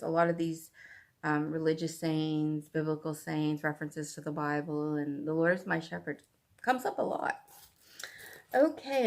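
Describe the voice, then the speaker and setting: A woman's voice: low-pitched, gravelly. A Canadian woman hosting a cross-stitch vlog, chatting casually in a rambling way with lots of asides. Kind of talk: casual chat.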